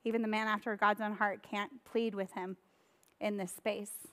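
A woman pastor delivering a sermon in a conversational, storytelling way, with lively retellings of Bible stories. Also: medium pitch, moderate pace, big-room sound.

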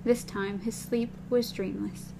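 A woman's voice: medium pitch, steady tone, slow, gravelly, noisy background. A woman co-hosting a casual book discussion, recapping and reading passages aloud.

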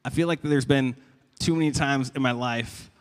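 A young man preaching a sermon in a conversational, animated way, often stumbling and repeating words. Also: mid-range voice, moderate pace. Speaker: pastor. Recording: long reverb of a large hall.

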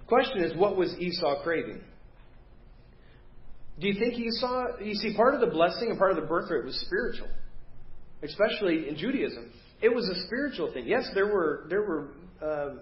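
A man preaching a sermon as pastor, animated and acting out the voices of the people in his story. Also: a little high. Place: church sanctuary. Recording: roomy, dull church recording.

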